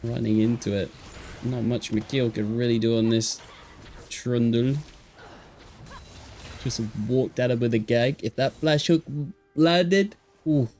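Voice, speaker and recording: A male esports caster calls a live match over a headset, loose and chatty between fights and sharp with excitement when the action hits. His pitch sits in an ordinary middle range, and he sounds a little tired, with faint music playing behind him. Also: unhurried, long pauses. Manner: chatty, talks to stream chat, jumps to excited shouts at big plays. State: tired, yawning. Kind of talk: live play-by-play commentary.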